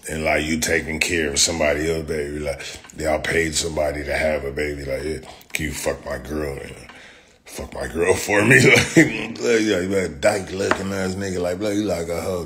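A man's voice: rumbling low, pushed and bright, slight background noise. A young man in a profane, taunting rant, repeating his insults over and over. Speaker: social media commenter. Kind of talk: angry rant.

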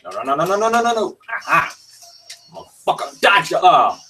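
Male livestreamer, profane and explosive; very animated pitch, heard from a distance with faint noise. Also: moderate pace. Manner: profane, yelling outbursts at the game. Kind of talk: gaming livestream commentary.

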